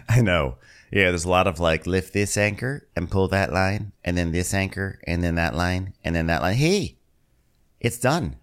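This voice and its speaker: A man's voice: low voice, expressive, a little slow. A man co-hosting a podcast, recapping events in an easygoing, comedic way and quoting people in mock voices. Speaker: podcast co-host. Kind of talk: casual comedic recap chat.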